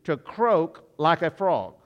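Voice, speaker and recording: A man's voice: on the high side, very animated, slow, muffled recording. A man voicing a five-year-old granddaughter who is eager and wheedling, in a church with long reverb.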